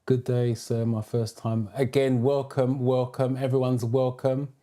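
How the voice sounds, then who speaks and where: This is a British man running a live driving theory Q&A. His voice sits at a middling pitch with a dark, mellow tone. He welcomes viewers one by one and answers their questions as he reads their messages out. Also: little pitch movement, a little slow. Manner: reads out viewer comments and greets them by name. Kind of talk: live-stream Q&A.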